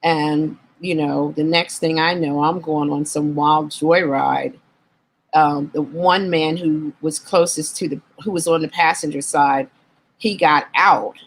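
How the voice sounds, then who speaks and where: A woman guest on an interview show, candidly recounting her life in an earnest, reflective way and slowing down on painful memories. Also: deep voice, fairly even intonation, slight background noise, low-quality recording. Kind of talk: candid personal storytelling.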